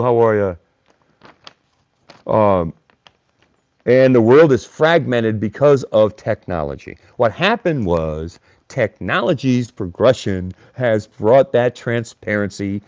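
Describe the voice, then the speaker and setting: Male livestream host, mocking and blunt, very animated delivery, dull dry sound. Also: on the low side, slow pace, no echo. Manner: blunt, combative, mocks chatters by name. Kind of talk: live-stream rant reading chat.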